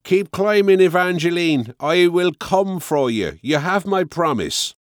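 A man's voice: a little high, lively intonation, slow pace, fairly bright tone, clean tone, dry recording, clean studio sound, voice pushed up. A man doing an urgent, passionate father. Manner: raised, urgent, insistent. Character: earnest father, commanding and passionate.

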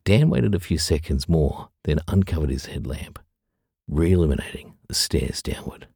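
A man reading a story aloud in measured audiobook narration. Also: very deep voice, expressive, creaky, warm tone, breathy edge, dry recording, clean studio sound.

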